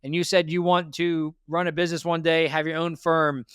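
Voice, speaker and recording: A man's voice: fairly high pitch, little pitch movement, moderate pace, a bit bright, clear, resonant tone, no echo, clean studio sound. A man hosting a debt interview, giving blunt, lecturing advice and repeating his points. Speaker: financial advice host. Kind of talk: direct money coaching.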